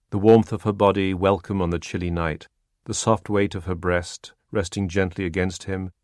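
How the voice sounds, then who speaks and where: A man reading a wartime spy novel aloud in measured, even scripted narration. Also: sits low, no echo. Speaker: audiobook narrator. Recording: dry close studio sound.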